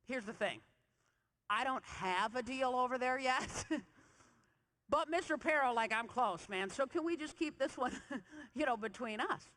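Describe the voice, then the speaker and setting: A woman giving a keynote speech, telling a story in an animated, chatty way and acting out the dialogue, on a large convention stage. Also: on the high side, fairly quick. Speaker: keynote speaker. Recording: long hall reverb in a large convention hall.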